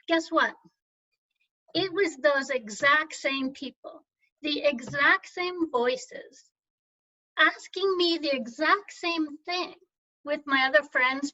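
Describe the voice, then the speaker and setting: An older woman giving a reflective camp vespers talk, telling a story gently and conversationally with many fillers. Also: high voice. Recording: dull lo-fi recording.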